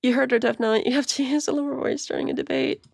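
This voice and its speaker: A woman chats through video clips in a casual streaming commentary, restarting her sentences and laughing often. Her voice is slightly high with a gravelly fry. The sound is dry and close to the mic. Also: fairly even intonation, quick pace, a little mellow, no echo. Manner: rambling, many restarts and laughs.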